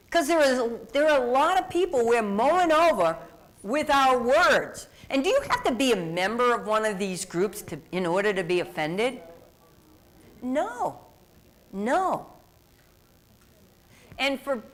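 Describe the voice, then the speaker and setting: Woman giving a diversity talk, super expressive voice, keeps asking the crowd stuff. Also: fairly high pitch. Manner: conversational, quizzing the audience. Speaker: diversity speaker. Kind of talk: lecture to an audience.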